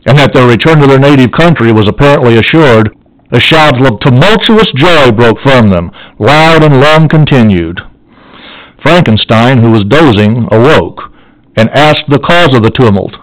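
A man narrates an audiobook in a steady, earnest way. His voice sits in an ordinary middle pitch for a man. The reading is measured and even. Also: rough recording.

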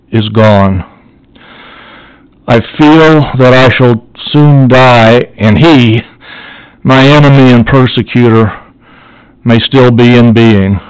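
A man's voice: medium pitch, smooth, dry recording, lightly acted, low-quality recording. A man reading as a dying, vengeful scientist. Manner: grave, solemn. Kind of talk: audiobook reading.

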